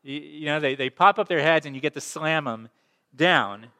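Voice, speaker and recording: A male pastor preaching a sermon in a relaxed, conversational way, with fillers and restarts. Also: fairly high pitch, moderate pace, big-room sound. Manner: conversational, with fillers and repeated words.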